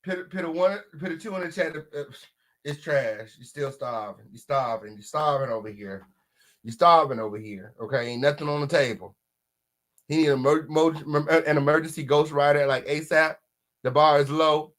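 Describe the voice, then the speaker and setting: Reacting to a diss track at normal speed, this man hosts with a sassy, animated style. One moment he's loud, the next he's muttering, and he keeps urging his audience to cast votes in the chat.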